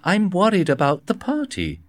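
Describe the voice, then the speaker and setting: A man's voice: high-pitched, wildly swooping pitch, normal speed, dry recording, voice pushed up. A man voicing an anxious wealthy nobleman. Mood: worried.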